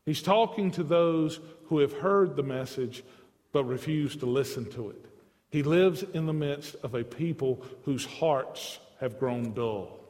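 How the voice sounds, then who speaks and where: A man's voice: fairly high pitch, unhurried, a little mellow, long reverb tail. A man preaching a sermon with passion, his delivery rising and dropping, repeating phrases for emphasis.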